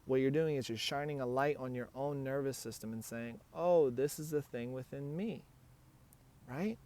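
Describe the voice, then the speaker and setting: A man's voice: mid-range voice, moderate pace, mellow. A man speaking as a hypnotist and relationship coach, giving earnest, direct advice on handling emotional triggers. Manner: earnest, coaching, acts out example dialogues.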